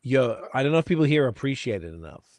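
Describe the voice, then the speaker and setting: A man's voice: mid-range voice, sing-song, quick pace, darkish tone, dry recording. An Australian man hosting a casual beer-tasting podcast chat, hyped and full of slang and swearing. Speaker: podcast host.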